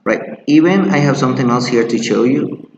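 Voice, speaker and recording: A male English teacher, walking through a pronunciation lesson step by step, slowly modeling words and repeating them. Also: mid-range voice, a little mellow, roomy sound, in a large hall, dull audio. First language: Spanish. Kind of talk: screen-share teaching lesson.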